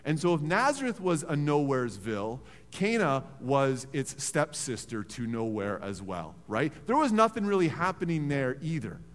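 A man, a pastor preaching a sermon in a church in a conversational, animated storytelling way. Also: a little high, moderate pace, hardly any pauses, faint music behind. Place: church sanctuary. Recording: reverberant church hall.

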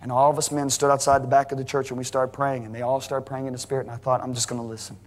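Man, preacher, emphatic sermon, rapid delivery, long reverb of a big church. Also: mid-range voice, little pitch movement. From United States. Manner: emphatic, rising to near shouting at climaxes. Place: large church hall. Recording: live sermon in a reverberant hall.

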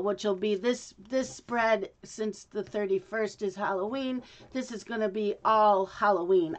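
A woman's voice: mid-range voice, muffled recording. A woman vlogging in a casual, rambling way, with frequent ums and restarts. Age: adult. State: hiccups. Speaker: craft vlogger. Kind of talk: casual chat to camera.

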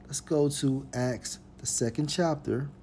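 A man's voice: mid-range voice, slight background noise. A man preaching, reading scripture verses aloud and stressing each point with "point blank, period.". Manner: emphatic, repeats "point blank, period", reads verses slowly and forcefully.

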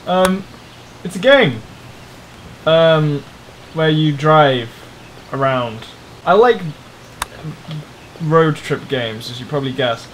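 A man's voice: a little high, slow, long pauses, a little hiss or hum. A man giving rambling, jokey let's play commentary on a driving game, swearing often. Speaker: gamer playing a driving game.

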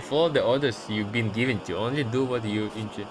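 A man's voice: medium pitch, quick pace, few pauses, music in the background, rough recording. Jumpy swearing man playing a horror game. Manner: jumpy, swearing, reads on-screen text aloud. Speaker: gameplay streamer. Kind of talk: horror game let's play commentary.

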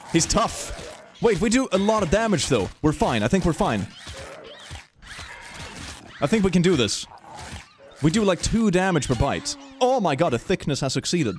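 Giggly, high-voiced man streaming a game. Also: unhurried, long pauses, slight background noise. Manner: giggly, excitable, breaks into high laughter; chatty, thinks aloud while playing. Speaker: gaming streamer. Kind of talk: live game commentary.

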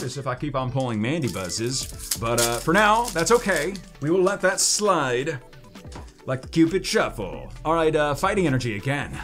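A man's voice: on the high side, a bit bright. A man hosting a card-opening video, chatting casually and joking as he goes, often swinging his voice up and down. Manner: playful, jokey, swings his voice up and down. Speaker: card-opening channel host. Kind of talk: casual unboxing commentary.

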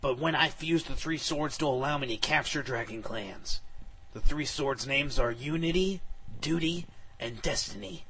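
A man giving a comic, mock-dramatic reading of fan fiction, sometimes bursting into shouts. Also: mid-range voice, moderate pace, a crowd in the background. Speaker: reader.

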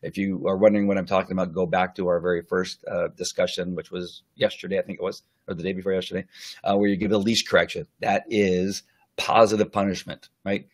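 A man's voice: deep voice, fairly even intonation. A man who trains dogs giving a casual, rambling live-stream lesson, full of fillers and restarts, sometimes acting out what the dog thinks. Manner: acts out the dog's thoughts in quick asides.

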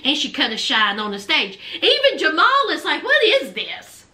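A woman's voice: high voice, wildly swooping pitch, normal speed, bright, forceful tone. A woman recapping a reality show in a casual, sassy, chatty way, retelling scenes and quoting people. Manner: chatty, sassy storytelling with quoted lines.

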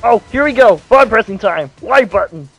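A man playing a brash young werehog hero who trash-talks crudely and cockily. The voice is high and husky with a gravelly edge, bouncing all over its range. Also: lively intonation, a little fast, soft background music, exaggerated voice. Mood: cocky. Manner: crude, cocky trash talk. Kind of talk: improvised comedy fan dub.

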